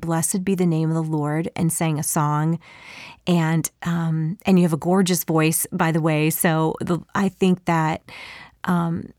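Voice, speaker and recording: A woman hosts an interview and warmly affirms her guest's story. Her voice sits fairly low, and the recording is close and dry. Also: no room sound. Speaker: podcast host. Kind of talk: interview conversation.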